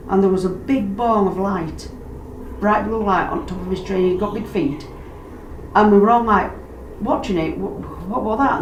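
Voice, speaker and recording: Woman telling a story, far from the mic. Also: medium pitch. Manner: animated, acts out quoted voices, dialect grammar. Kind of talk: casual storytelling. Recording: roomy, distant mic, background noise.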